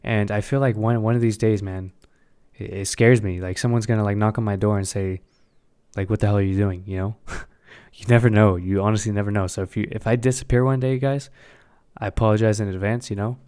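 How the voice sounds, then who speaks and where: A man's voice: fairly low pitch, steady tone, brisk, a little mellow, clean tone. A young man talking casually on a live stream about his crypto trades, blunt and swearing often, repeating himself.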